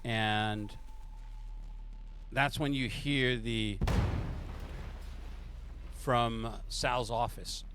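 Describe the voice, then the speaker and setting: A man running a tabletop game as game master, narrating in a loose, improvised, halting way. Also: mid-range voice, fairly even intonation, background noise.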